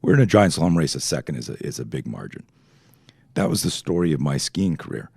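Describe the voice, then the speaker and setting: A middle-aged man from Canada, a self-defense instructor telling stories as a podcast guest, animated and swearing freely while acting out quoted dialogue. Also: rumbling low, quick pace, creaky, breathy edge, dry recording, clean studio sound. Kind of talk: podcast interview storytelling.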